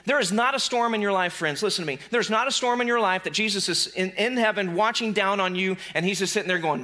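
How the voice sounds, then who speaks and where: Bright-voiced, conversational male preacher. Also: high-pitched, fast, hardly any pauses. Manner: conversational, emphatic, repeats key lines. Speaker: pastor. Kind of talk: sermon. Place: church before a congregation.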